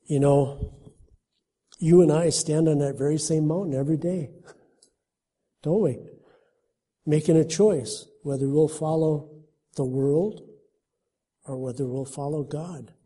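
A man delivers a sermon in an earnest, conversational manner, reading a story aloud and giving its characters light voices. His tone is husky and very dark, mellow rather than bright. His pitch sits a little high for a man. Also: fairly even intonation, a little slow, pauses often. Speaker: preacher.

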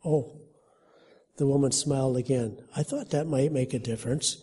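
Husky, dark-voiced male preacher. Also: mid-range voice, normal speed. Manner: earnest, conversational, reads the story with lightly voiced characters. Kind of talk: sermon with a read-aloud story.

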